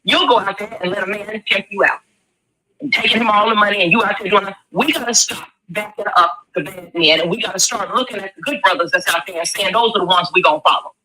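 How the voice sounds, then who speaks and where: Woman, forties, fast-talking, emphatic, preachy. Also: medium pitch, sharp tone, poor audio. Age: 40s. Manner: emphatic, preachy, rhetorical questions. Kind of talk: impassioned commentary.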